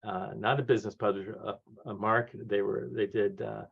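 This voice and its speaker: A man in his sixties, a guest author telling lively stories, acting out the voices of people he quotes and laughing often. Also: lowish voice, fairly quick, vocal fry, slightly rough. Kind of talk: conversational storytelling. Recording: dull lo-fi audio.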